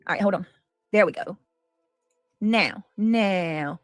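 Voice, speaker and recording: A woman hosting a casual livestream, greeting viewers by name and cheering gifts with excited squeals. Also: medium pitch, unhurried, long pauses, no echo, soft background music. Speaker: livestream host.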